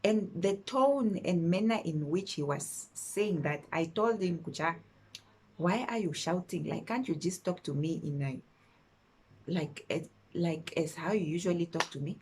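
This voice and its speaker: A woman's voice: on the low side, measured pace, darkish tone, breathy edge. A woman telling a personal story to camera in a casual storytime monologue, emphatic and indignant, repeating phrases for stress and mixing in words from another language. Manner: mixes local-language words into her talk.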